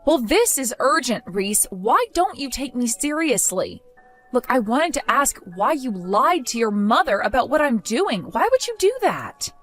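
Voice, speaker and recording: This young wife defends herself in a bright, high voice that swings widely up and down, as a woman acts her out. She sounds exasperated and pleading, with soft music underneath. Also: big pitch swings, measured pace. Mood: defensive. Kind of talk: text-story voice acting.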